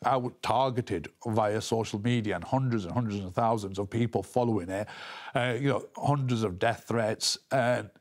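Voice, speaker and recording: A man giving an emotional news interview, talking haltingly with many restarts and repeated words. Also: on the low side. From England.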